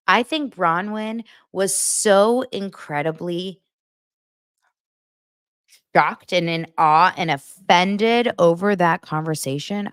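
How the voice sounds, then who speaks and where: A woman with a fairly low voice chats through a reality-TV recap, gossipy and expressive, slipping into the cast's lines as she goes. The sound is dry and close, with no room around it. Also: no room sound. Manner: gossipy and expressive, acts out quotes. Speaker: podcast host. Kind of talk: casual reality-TV recap chat.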